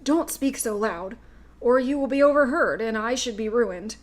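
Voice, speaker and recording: A nervous little old wizard, caught out as a fraud, pleads in a meek, trembling voice, as a woman reading a storybook puts him on. His voice sits fairly high, the way a woman narrator carries him. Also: moderate pace, lightly acted. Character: timid old male humbug wizard.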